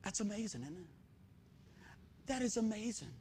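A man preaching a sermon as pastor, energetic, with loud bursts and quiet asides. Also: high voice, moderate pace, breathy edge.

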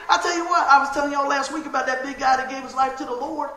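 A pastor delivers his sermon in a high, ringing male voice. He is animated and quick to laugh as he acts out short exchanges for the congregation. The sound is roomy and echoing, like a church sanctuary. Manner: lively, laughing, acts out quotes.

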